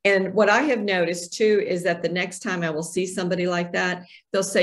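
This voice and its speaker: Woman, podcast guest, casual chat, animated storyteller, middle pitch. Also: moderate pace, hardly any pauses. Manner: animated storyteller, acts out quoted voices. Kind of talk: casual conversational interview.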